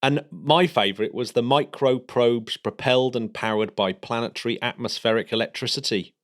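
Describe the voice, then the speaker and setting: A man's voice: medium pitch, moderate pace. A man co-hosting a casual space podcast, rambling enthusiastically through the week's news. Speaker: podcast co-host.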